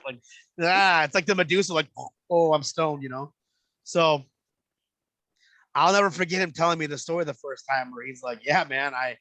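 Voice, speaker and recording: A man spinning stories in a loose, profane podcast chat, jumping into little voices for the people in them. His tone is bright and forward, a bit higher than most men. The sound is dry and close with no room around it. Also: a little fast, no room sound. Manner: animated storyteller, acts out quoted voices, swears freely. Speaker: podcast guest. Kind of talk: casual storytelling chat.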